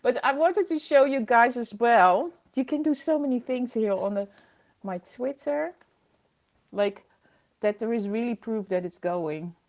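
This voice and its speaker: Woman host, high voice, chatty livestream talk into a computer mic, reads out viewer comments. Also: a little slow, darkish tone. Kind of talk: casual livestream chat. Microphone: computer microphone.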